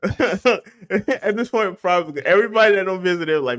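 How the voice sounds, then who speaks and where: A man's voice: sits high, lively intonation, normal speed, a bit bright. A man hosting a podcast in casual chat, loose and joking, laughing often. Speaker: podcast host.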